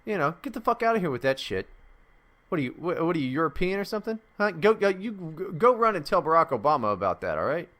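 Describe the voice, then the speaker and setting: A man's voice: fairly high pitch, big pitch swings, quick pace, a bit bright. A man co-hosting a podcast, rambling and profane, riffing in casual comedic bits. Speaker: podcast co-host.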